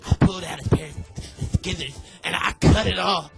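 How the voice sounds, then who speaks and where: A young man on a radio show riffing loudly and crudely, sometimes in a sing-song way. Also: high-pitched, moderate pace, creaky. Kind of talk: casual radio banter.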